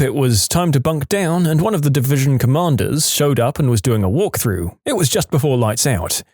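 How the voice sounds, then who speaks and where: A man narrating reddit stories aloud in a lively storytelling manner, with brief voiced quotes. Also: mid-range voice, no room sound, studio quality.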